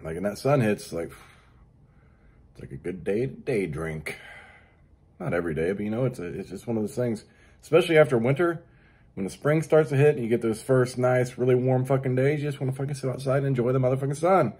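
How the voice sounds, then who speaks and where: A man's voice: mid-range voice, fairly quick, a little mellow, husky. A middle-aged man hosting his own show, talking casually in a crude, profane, joking way. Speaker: podcast host. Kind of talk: casual solo monologue.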